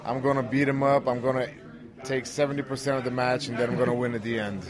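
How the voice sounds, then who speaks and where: A man's voice: medium pitch, flat delivery, fast. A man being interviewed, answering in a confident, blunt way with short statements. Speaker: interview guest, pro wrestler. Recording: noisy crowd behind.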